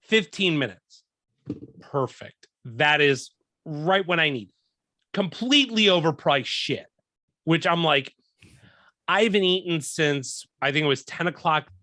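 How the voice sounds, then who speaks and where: A young man hosting a podcast, telling a profane story in a casual, animated way and acting out what people said. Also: fairly high pitch, a little slow, long pauses, no room sound, studio quality. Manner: profane, animated, acts out quoted lines. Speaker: podcast host.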